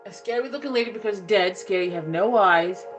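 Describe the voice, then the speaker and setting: A woman's voice: mid-range voice, a little fast, rough recording. A woman host telling a story in a casual, rambling way, full of restarts and filler words. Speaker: ASMR channel host. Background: background music.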